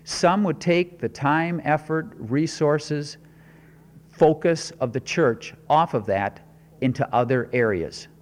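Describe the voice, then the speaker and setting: A man's voice: a little high, darkish tone. Earnest preacher man in a reverberant hall. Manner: earnest, measured preaching with emphatic rises. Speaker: pastor. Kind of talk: sermon.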